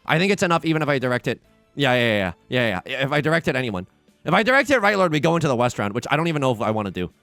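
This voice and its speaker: A young man commentating his own game as he plays, anxious and pleading, often begging out loud and exclaiming. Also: mid-range voice, sing-song, very fast, no room sound, soft background music. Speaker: let's play host. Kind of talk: live gameplay commentary.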